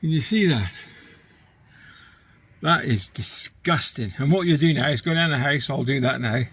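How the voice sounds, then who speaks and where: A man's voice: medium pitch, expressive, normal speed, fairly bright tone, slightly rough. A man giving a casual, playful demo of cleaning a car seat, a little out of breath. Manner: chatty, playful rhyming slang. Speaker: vlogger demonstrating a cleaning product.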